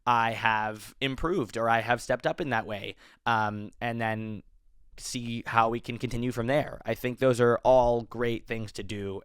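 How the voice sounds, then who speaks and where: A man's voice: medium pitch, steady tone, a little slow, a bit bright, clean tone, no room sound, clean studio sound. A young man in his twenties hosting an advice podcast, talking casually with lots of fillers and self-corrections. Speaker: podcast host.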